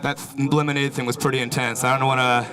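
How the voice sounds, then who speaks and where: A man's voice: medium pitch, level tone, fast talker, fairly bright tone, rough recording. A man doing a stand-up comedy set, talking loosely and rambling with lots of filler phrases before a live audience. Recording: live crowd audible. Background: audience laughter.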